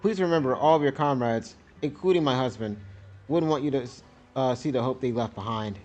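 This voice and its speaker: A man reading aloud the lines of a soft-spoken grieving widow and mother in a game, low and subdued. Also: fairly quick, faint music behind, lightly acted.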